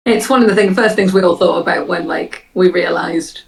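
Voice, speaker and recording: A woman playing a tabletop game, talking in a halting, hesitant way. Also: on the low side, vocal fry, roomy sound, distant mic, low-quality recording. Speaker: player. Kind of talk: casual chat at a tabletop game.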